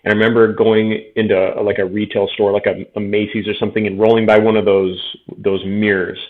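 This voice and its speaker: Low flat-voiced guy in his 30s, frank storytelling, sounds like a tinny phone line. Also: a little fast. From Tucson, Arizona. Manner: frank and conversational, quotes himself often. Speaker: podcast guest, veteran. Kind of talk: casual interview storytelling.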